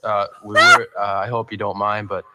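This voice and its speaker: A man playing a dim, friendly Canadian brother with a Canadian accent, talking in a halting, folksy way on a comedy record. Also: on the low side, huge pitch swings, very noisy. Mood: easygoing. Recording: comedy record with music underneath.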